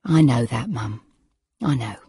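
A woman's voice: very deep voice, animated, unhurried, dark tone, husky, no room sound, clean studio sound, pitched below the performer's own voice, exaggerated voice. A woman voicing a tired middle-aged daughter who sounds patient but worn out. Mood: weary. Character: tired, strained middle-aged daughter caring for her mother.

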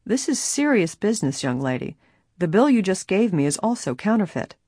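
A woman's voice: mid-range voice, big pitch swings, brisk, mellow, slightly rough, no echo, studio quality. Stern male agent, read by a woman. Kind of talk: audiobook character voice.

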